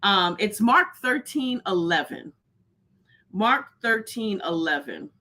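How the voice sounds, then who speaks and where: A woman's voice: medium pitch, animated, slow, pushed and bright. Effusive woman hosting a live stream. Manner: effusive, greets viewers by name; rambling, many fillers and restarts. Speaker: host of a live show. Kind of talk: casual live-stream chat.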